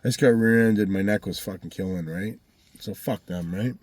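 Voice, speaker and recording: A man's voice: on the low side, moderate pace, darkish tone, no echo. A man rambling through a heated, profanity-filled personal story as a vlogger. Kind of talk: casual storytelling monologue.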